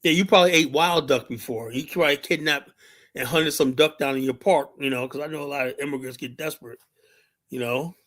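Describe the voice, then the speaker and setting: A man with a medium-pitched, slightly bright voice hosts a live stream on a streaming mic, talking a little fast. He rambles in casual chat and tells stories loaded with fillers like "and whatnot."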